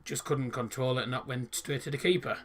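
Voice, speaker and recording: A man's voice: medium pitch, steady tone, brisk, a bit bright, slight background noise. A young British man from the United Kingdom casually commentating a football match on a live stream and chatting with viewers. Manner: chatty, reads out viewer comments and answers them.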